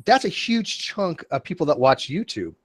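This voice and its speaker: A man's voice: a little high, very animated, moderate pace, breathy edge, no echo. A man in his forties hosting a casual panel chat, rambling and joking at his own expense. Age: 40s. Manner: rambling, joking, self-mocking. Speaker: host.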